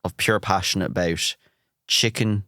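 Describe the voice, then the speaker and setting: An Irish man hosts a laid-back food podcast with a fairly low voice. He teases his guest in an easygoing way and asks curious questions. The sound is dry and close, with no room echo. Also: fairly even intonation, unhurried, sharp tone. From Ireland. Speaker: podcast host and chef. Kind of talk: casual food podcast chat.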